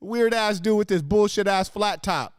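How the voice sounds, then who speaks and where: A male host in his studio reacts to video clips with crude, mocking commentary, throwing brash insults and bursting into sudden laughs. His high voice is smooth and moves at a normal speed, with no room sound.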